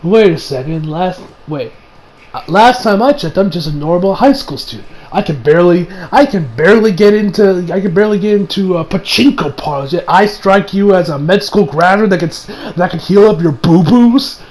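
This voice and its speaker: A smug teenage boy who calmly traps a liar with dry sarcasm, as a man puts him on. He speaks lower and quieter than the narrator, with a knowing, teasing edge. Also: normal speed. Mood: sarcastic.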